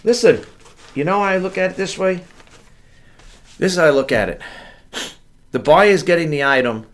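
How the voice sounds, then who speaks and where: A man's voice: a little high, moderate pace. A man chatting casually to viewers while he packs a box, rambling and calling them folks, in a workspace away from his house. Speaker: online reseller. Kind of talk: casual talk to camera while packing. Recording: clicks and clear background noise.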